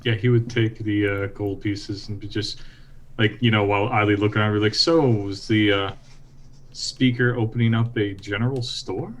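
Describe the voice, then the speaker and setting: A man's voice: on the low side, fairly even intonation, normal speed. A man playing in a tabletop game, chatting casually in character and making dry, brief remarks. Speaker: player.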